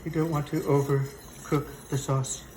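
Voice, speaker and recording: At a measured pace, a man delivers his lines flatly in a high-leaning voice with a darkish tone, lightly acted. He's playing a president hosting a cooking show in a parody, boasting, rambling and contradicting himself in a home kitchen. Slight background noise and echo come through a distant microphone.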